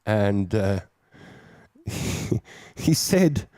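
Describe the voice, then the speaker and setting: A man's voice: lowish voice, very animated, drawn-out words, dark tone, no echo. A man hosting a call-in show, reading listeners' comments and chatting about them. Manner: chatty, reads comments aloud and riffs on them. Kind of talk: casual chat.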